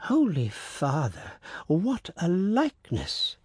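A man voicing a devoted old female servant in a storybook reading, with a raised voice and breathy exclamations. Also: sing-song, unhurried, darkish tone, dry recording, clean studio sound, heavily acted. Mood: excited. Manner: high, exclaiming.

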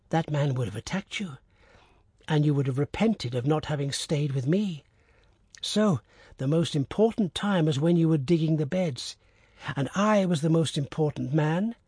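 A man voicing a wise old male hermit who speaks gently and patiently in a storybook reading. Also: fairly high pitch, husky, no echo, clean studio sound.

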